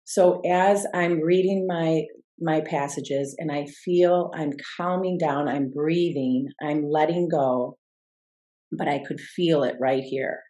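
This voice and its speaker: A woman's voice: sits low, warm tone. A middle-aged woman and life coach, telling a personal story in an interview in an earnest, reflective way with frequent restarts.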